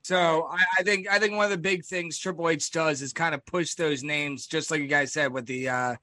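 A man's voice: a little high, steady tone, moderate pace, pushed and bright. A man on a casual online panel, speaking hesitantly with many fillers.

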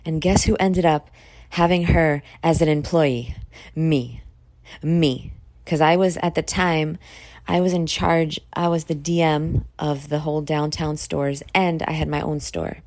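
Low-voiced blunt woman podcaster. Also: fairly even intonation, a little slow, darkish tone, no echo. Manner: candid, blunt, rambling with fillers and swearing. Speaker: podcast host. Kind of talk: casual solo podcast monologue.

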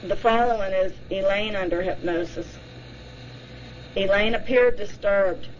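A woman podcast host giving scripted narration in a slow, measured reading. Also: medium pitch, highs cut off, a little hiss or hum.

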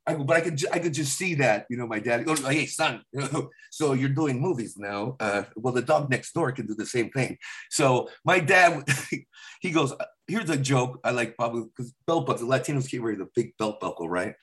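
A man's voice: medium pitch, a little fast. A middle-aged man, a comedian, telling stories in casual chat and acting out the lines of the people in them. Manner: animated storyteller acting out his dad's lines. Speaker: comedian guest.

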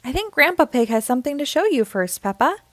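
A woman's voice: sits high, big pitch swings, quick pace, no room sound, voice pushed up. A woman voicing a kindly old grandmother pig in a storybook, sweet and welcoming.

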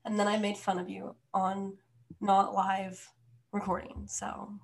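A woman's voice: mid-range voice, completely flat delivery, measured pace, vocal fry. Teasing young woman podcast co-host. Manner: teasing, playful. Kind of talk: casual chat.

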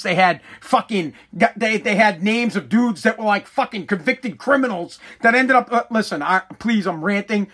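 Man ranting furiously about the news. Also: sits high. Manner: heated, swearing, repeats words, shouts at times. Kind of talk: angry profane rant to camera.

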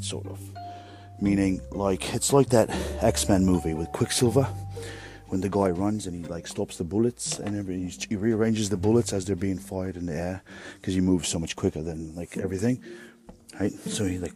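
Low-voiced man rambling casually. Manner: meandering, swears, corrects himself mid-sentence. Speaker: podcast host; restaurant worker.

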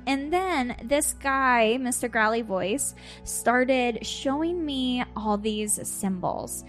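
A woman podcast host telling a story casually over a video call, animated, laughing and swearing as she goes. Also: fairly high pitch, slow pace, soft background music.

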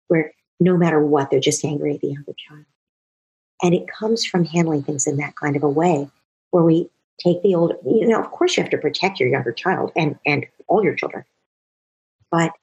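A woman with a low-pitched voice talks earnestly and at length about raising children. Her tone is very smooth and clean. She speaks as a parenting expert answering a question, slipping into parents' and children's voices to make her point. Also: a little mellow, rough recording. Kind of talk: explanatory talk answering a question.

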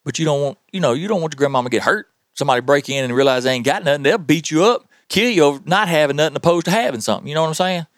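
A man with a Southern US accent hosting a podcast, telling tall tales in a folksy, animated way. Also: on the high side, very fast, few pauses, no echo, clean studio sound. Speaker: podcast host. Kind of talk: tall-tale storytelling.

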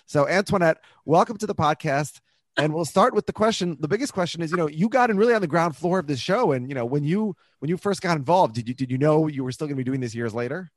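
A man hosting a podcast, putting quick, slightly halting questions to a guest. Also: on the high side, animated, no room sound. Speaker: podcast host. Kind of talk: casual interview questions.

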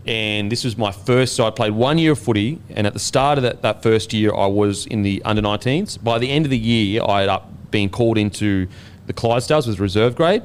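A man's voice: fairly low pitch, fairly quick, slight background noise. A man with an Australian accent, a former rugby league player, telling a story in casual podcast chat, swearing freely and laid-back. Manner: profane, laid-back and animated, laughing as he tells it.

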